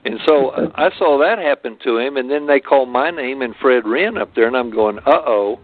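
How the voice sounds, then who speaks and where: A man's voice: medium pitch, normal speed, dry recording. An older man recounting stories in an interview, talking in a rambling way with many hesitations and restarts. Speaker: martial arts guest. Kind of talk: storytelling interview. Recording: phone-like lo-fi line.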